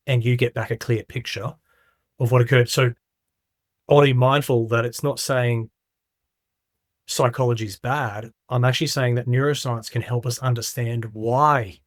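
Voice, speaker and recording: Male guest, middle-aged, emphatic storyteller, mid pitch, dry sound. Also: no echo. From Australia. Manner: emphatic storyteller, quick rhetorical questions. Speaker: podcast guest. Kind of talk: casual podcast conversation.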